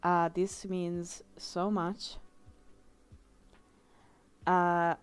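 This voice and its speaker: Young woman chatting on her art stream, smooth voice, gets emotional, lots of ums. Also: on the low side, level tone. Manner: emotional, heartfelt, halting with fillers. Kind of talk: casual live-stream chat while drawing.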